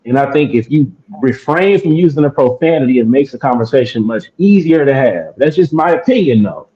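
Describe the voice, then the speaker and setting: A man with a Houston accent, a podcast co-host in casual chat, giving his opinion in a measured way. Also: mid-range voice, expressive. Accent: Southern US, Houston. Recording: dull lo-fi sound.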